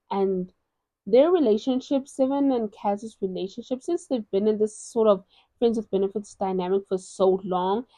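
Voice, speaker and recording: A woman's voice: mid-range voice, dark tone, no echo. A woman from South Africa chatting casually and expressively as a book reviewer, talking about books at home. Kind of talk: casual chat. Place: at home, in a gown.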